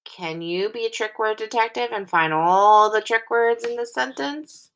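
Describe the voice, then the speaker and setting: A woman teacher giving a recorded phonics lesson for young children, reading sentences aloud slowly and clearly in phrases. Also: on the high side, fairly bright tone.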